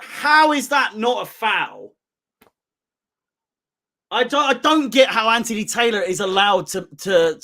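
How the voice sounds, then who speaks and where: Brief: hoarse man, fan-channel watchalong host, slow-spoken, bright edge, heavy swearing, mutters then erupts. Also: high-pitched. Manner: excitable, swears heavily, swings from muttering to screaming. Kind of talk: live match watchalong commentary.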